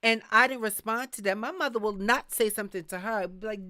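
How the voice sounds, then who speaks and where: A middle-aged woman hosting a live podcast, talking frankly and reading viewer comments, acting out quick asides as she tells stories. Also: mid-range voice, background noise. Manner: frank, animated storytelling with voiced asides. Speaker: podcast host.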